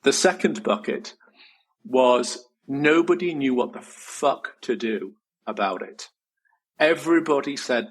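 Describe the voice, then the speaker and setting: Middle-aged male guest, breathy edge, earnest reflective storyteller, swears casually. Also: mid-range voice, measured pace, poor audio. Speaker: guest, designer. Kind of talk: candid personal storytelling in interview.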